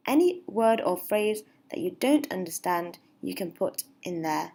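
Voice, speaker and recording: A woman's voice: lowish voice, expressive, a little slow, few pauses, mellow, breathy edge. A woman teaching basic phrases, speaking patiently and repeating each example phrase with a lifted, sing-song stress. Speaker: English teacher. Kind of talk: slow, clear English lesson.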